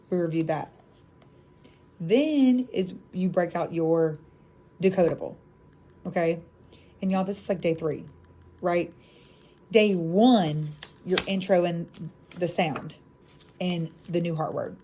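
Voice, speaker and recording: A young woman teaching a phonics lesson, stretching out sounds with animated classroom praise, then chatting casually to other teachers. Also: fairly low pitch, slight background noise.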